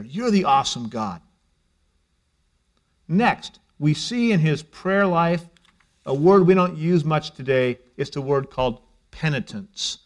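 Conversational preaching man, fairly high voice. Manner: conversational preaching, shifts between hushed and emphatic. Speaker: pastor. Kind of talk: sermon.

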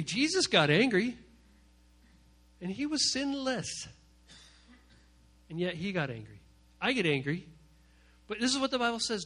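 A man preaching an animated sermon to young people, swinging from hushed asides to loud outbursts and acting out what people say. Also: high-pitched. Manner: animated, swings from hushed to shouting, acts out quotes. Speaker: youth pastor.

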